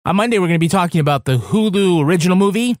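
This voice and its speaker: A man's voice: high-pitched, lively intonation, rapid-fire, a little mellow. A man co-hosting a podcast in casual banter, teasing and joking. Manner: wisecracking, teasing. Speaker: podcast co-host.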